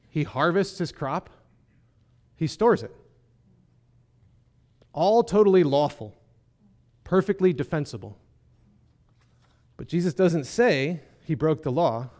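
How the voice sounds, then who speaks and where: Slow, earnest male preacher. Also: fairly high pitch, a little mellow. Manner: earnest, emphatic preaching with rhetorical questions. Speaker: pastor. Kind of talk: sermon.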